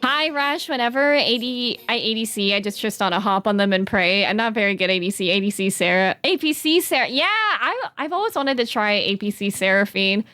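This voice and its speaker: A woman's voice: mid-range voice, brisk, few pauses, bright, forceful tone, clean tone, no echo, faint music behind. A young woman with a Southern American accent, chatting casually with her live-stream chat in a bubbly, dramatic way. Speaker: VTuber streamer reading chat.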